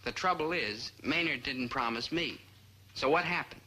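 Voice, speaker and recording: A man's voice: medium pitch, normal speed, pushed and bright, natural voice, low-quality recording. An actor playing a lovesick, scheming young man who wheedles his friend and speaks to the audience. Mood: wheedling. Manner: earnest, wheedling, talks to the audience. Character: lovesick earnest teen boy, scheming. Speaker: lead character and narrator. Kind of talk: 1960s sitcom acting. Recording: old TV soundtrack with music.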